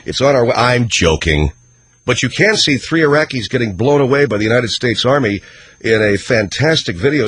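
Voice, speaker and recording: A man hosting a comedy talk radio show, switching between theatrical panic and brisk, deadpan plugs. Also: mid-range voice.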